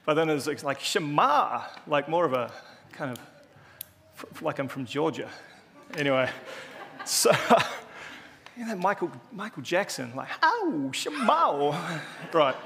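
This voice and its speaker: Kiwi guy preaching, chatty and jokey, bit higher voice, echoey church hall. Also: animated, a little slow, gravelly, long pauses, background noise. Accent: New Zealand. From New Zealand. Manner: chatty, joking, self-deprecating. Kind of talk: casual sermon.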